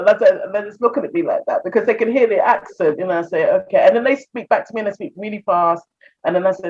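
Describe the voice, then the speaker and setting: A woman with an English accent chats casually as an interview guest, often laughing and acting out little exchanges. Her voice is slightly husky. The recording sounds dull and lo-fi. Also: mid-range voice, fast talker. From England. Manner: chatty, laughs often, acts out conversations. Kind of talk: casual video-call interview. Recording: muffled lo-fi audio.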